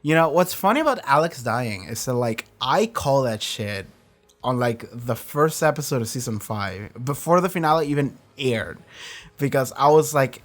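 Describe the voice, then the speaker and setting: A man's voice: mid-range voice, animated, normal speed. Casual rambling male reaction host. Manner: rambling, self-correcting, laughs often, casual swearing. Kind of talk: casual chat.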